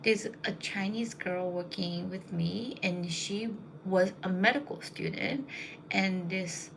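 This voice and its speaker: A woman's voice: on the low side, slow, creaky, a little hiss or hum, poor audio. A young woman casually telling rambling anecdotes, with lots of fillers. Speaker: storyteller.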